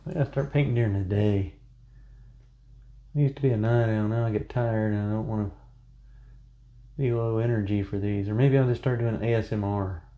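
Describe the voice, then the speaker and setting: A man's voice: fairly low pitch, fairly quick, pauses often, narrow, tinny audio. A man chatting casually through a painting tutorial, rambling into self-joking asides as he works. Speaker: painting instructor.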